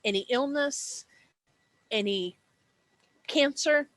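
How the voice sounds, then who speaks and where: A woman's voice: sits high, takes it slowly, fairly bright tone. A woman acting as game master, explaining dice rules and describing the setting in a chatty way, with many fillers and self-corrections.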